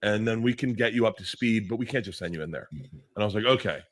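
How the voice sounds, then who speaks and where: A man's voice: lowish voice, fast. A man telling a rowdy story in a clip, swearing and acting out what others said. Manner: swears, quotes others in excited bursts. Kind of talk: animated storytelling.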